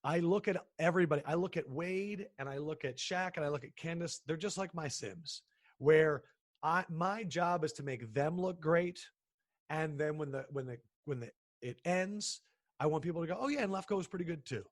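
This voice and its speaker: A sports broadcaster in his thirties, telling stories in a casual interview, animated and acting out the people he quotes. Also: fairly high pitch, moderate pace, dry recording, studio quality. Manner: animated, acts out quoted people, frequent restarts.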